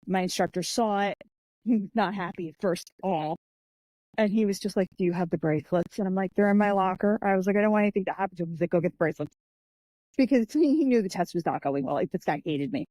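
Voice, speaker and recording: A woman being interviewed on a podcast, telling anecdotes in a lively, animated way and acting out the voices of the people in them. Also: medium pitch, fast talker, no room sound, low-quality recording. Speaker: guest, author and martial artist.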